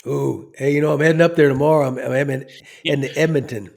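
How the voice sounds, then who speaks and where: A man's voice: mid-range voice, fairly even intonation, fairly quick, vocal fry, darkish tone. A man hosting a casual sports chat show, talking in a folksy, rambling way full of fillers. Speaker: show host.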